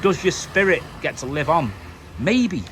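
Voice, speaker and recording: With a slightly high, sing-song voice that is fairly bright and a little slow, a British man rambles chattily to camera while vlogging outdoors at home. His talk is loose and filler-heavy, and there is slight background noise.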